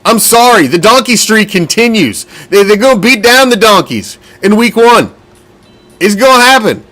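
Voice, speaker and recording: A man's voice: high voice, animated, normal speed, sharp tone, faint music behind. A man hosting a football fan show, talking casually, bluntly and with a lot of profanity, and getting winded as he goes. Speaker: podcast host.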